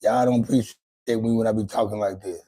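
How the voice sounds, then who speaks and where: A man's voice: fairly low pitch, fairly even intonation, quick pace, dark tone. A man hosting his own livestream, talking loosely and profanely to his chat, rambling with lots of restarts. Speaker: livestream host. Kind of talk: casual livestream monologue.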